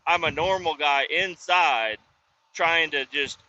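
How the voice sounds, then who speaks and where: This roadside service man rambles through profane stories in a casual vlog, wandering loosely between them. He speaks slowly, his voice a bit high, bright and forceful, with a little hiss or hum. Audio is dull and lo-fi with faint ambience.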